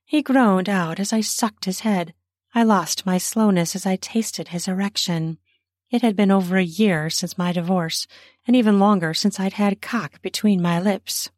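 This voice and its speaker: A woman narrating an erotic story in the first person, soft and breathy, sometimes dropping to a whisper. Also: medium pitch, moderate pace, no echo, studio quality.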